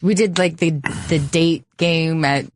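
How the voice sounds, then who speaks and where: A woman chatting on a comedy talk show, hedging and pausing as she recalls things. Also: deep voice, fairly even intonation, no room sound, studio quality. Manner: hesitant, hedging with fillers. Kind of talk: casual comedy banter.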